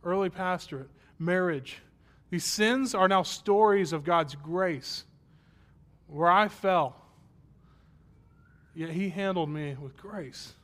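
This pastor, a man in his thirties, speaks slowly with long pauses, his high-pitched voice a bit bright. Sharing a personal story within his sermon, he begins by poking fun at himself conversationally and climbs toward emphatic praise.

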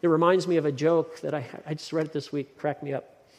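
Pastor, male, emphatic sermon delivery with repeated words; raised pitch, long hall reverb. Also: steady tone, fairly quick.

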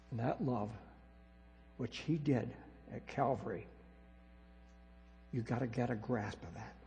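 Gravelly-voiced preacher in a reverberant hall. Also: male voice, mid-range voice. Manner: emphatic, repeats words, swings between loud and quiet. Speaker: pastor. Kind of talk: sermon. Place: church sanctuary. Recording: reverberant hall with mains hum.

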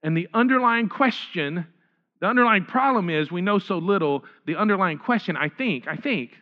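A male pastor preaches with a high, bright voice, stumbling over and repeating words as he works through the text. He gets animated and acts out the lines he quotes. The recording is a bit dull and lo-fi. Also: normal speed. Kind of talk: sermon.

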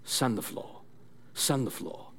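A man voicing a stern, quiet old male karate master who gives low, clipped commands. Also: takes it slowly. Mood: hushed stern. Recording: long church reverb.

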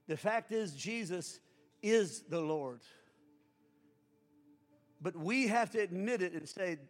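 A fairly high-voiced man preaching a sermon, with soft music playing behind him. He swings between loud calls to the room and hushed pleading. He leads the congregation in a prayer one line at a time. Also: in a large hall. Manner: alternates loud exhortation with quiet pleading. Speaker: pastor. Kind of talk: sermon with altar-call prayer.

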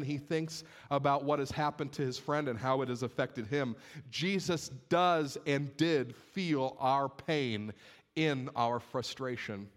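A man preaching a sermon in a somewhat high voice. He is expressive, pushing some phrases with urgency and dropping others to a hushed, grave tone. He talks directly to the congregation. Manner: expressive, swings between raised urgency and hushed gravity. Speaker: pastor.

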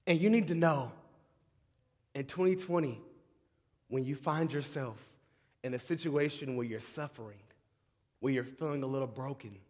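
A man preaching a sermon, moving between shouting excitement and hushed, tender tones and often calling the audience "y'all". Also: mid-range voice, normal speed, long pauses. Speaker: pastor. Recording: long hall reverb.

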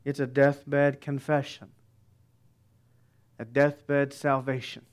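A middle-aged man preaching a sermon, slow and deliberate. His voice is smooth and clear, rising to emphatic declarations and dropping to hushed, weighty pauses. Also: medium pitch, completely flat delivery. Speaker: pastor.

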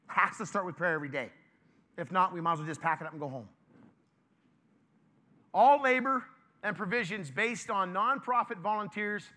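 A male pastor giving an informal, lively sermon and joking with his congregation. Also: high voice.

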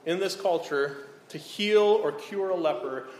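A pastor preaching a sermon in an earnest way, often checking in with the listeners. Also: male voice, high voice, unhurried. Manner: earnest, repeats "okay?" to check in. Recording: echoey hall, faint room noise.

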